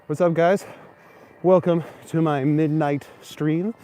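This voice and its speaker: A man's voice: on the high side, steady tone, takes it slowly, dark tone. A young man hosting a casual live stream while walking snowy city streets at night, chatting and answering viewers' comments. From Canada. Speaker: livestream host. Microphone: phone camera, held while walking.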